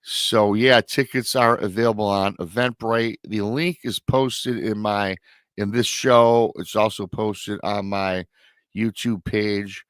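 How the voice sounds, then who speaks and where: A man's voice: on the low side, fairly even intonation, slow pace, a bit bright, clear, resonant tone, dry recording, studio quality. A man from Michigan hosting a live talk show, chatty and prone to restarts. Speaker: show host. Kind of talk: casual live-show chat.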